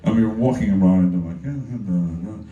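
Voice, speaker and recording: Irish male musician, mellow, animated storyteller, heard from a distance in a roomy club. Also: fairly low pitch, fast talker, muffled recording. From Ireland. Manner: animated, acts out voices in quotes, laughs often. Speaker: musician telling anecdotes on stage. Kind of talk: casual onstage storytelling. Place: music venue stage.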